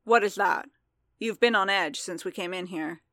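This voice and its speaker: A woman voicing a stern male bounty hunter in a story reading, speaking quietly, slowly and gravely. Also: medium pitch, no room sound, lightly acted. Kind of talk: audiobook fan fiction reading.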